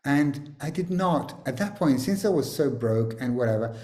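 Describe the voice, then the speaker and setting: A man leading a group video call, talking in an animated, joking and teasing way, sometimes swearing. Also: mid-range voice, normal speed, reverberant. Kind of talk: energetic coaching talk on a video call.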